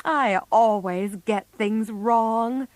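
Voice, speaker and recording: Tomboyish teen girl, blunt and unhurried, read by a woman narrator; close, dry storybook sound. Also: medium pitch, lively intonation, a bit bright, no room sound. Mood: apologetic.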